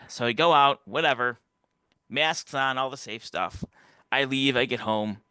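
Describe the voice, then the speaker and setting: Bright-voiced man telling a rambling story. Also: measured pace, clean tone, no room sound, studio quality. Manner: rambling, acts out quoted voices with big pitch jumps. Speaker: interview guest. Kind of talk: casual personal storytelling.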